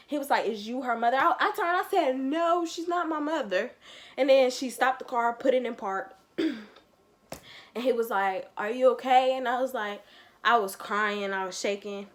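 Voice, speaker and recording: A woman's voice: on the high side, moderate pace. A nineteen-year-old woman, telling a story on her vlog and acting out the quotes. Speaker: vlogger.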